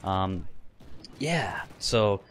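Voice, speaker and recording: A young man in his twenties with a somewhat low voice, rambling casually to his viewers over game footage. He trips over his words and piles up fillers. A faint background hiss sits under the recording. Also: expressive, extremely slow. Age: 20s. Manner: rambling, many fillers and restarts, laughs often. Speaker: gaming YouTuber. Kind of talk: casual vlog talk over gameplay.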